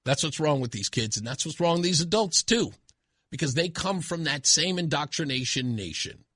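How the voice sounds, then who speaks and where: A man's voice: a little high, lively intonation, normal speed, sharp tone, no room sound, clean studio sound. A man hosting a talk radio show, delivering an indignant, emphatic opinion monologue.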